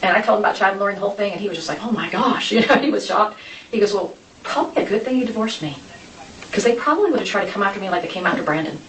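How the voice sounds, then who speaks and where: A woman's voice: mid-range voice, expressive, racing, a bit bright. A woman telling her personal story in an interview, rambling, with many restarts and quoted conversations. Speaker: interview guest. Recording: echoey room, from a distance, faint noise.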